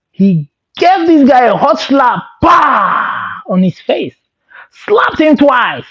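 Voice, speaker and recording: Animated Nigerian man telling a story. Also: very high voice, a little slow, slightly rough. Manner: animated, laughing, Pidgin asides. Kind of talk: casual storytelling. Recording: lo-fi dull sound.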